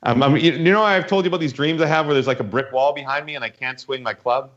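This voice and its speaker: A man's voice: medium pitch, quick pace, fairly bright tone. Rambling male podcast host, lo-fi sound. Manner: rambling storyteller acting out voices. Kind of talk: casual chat, telling a dream story. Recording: dull lo-fi sound.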